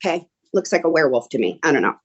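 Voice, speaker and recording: A middle-aged woman telling stories in a casual interview, animated and excitable, acting out quoted dialogue. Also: low voice, very fast, breathy edge, highs cut off. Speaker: guest actress. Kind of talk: casual storytelling.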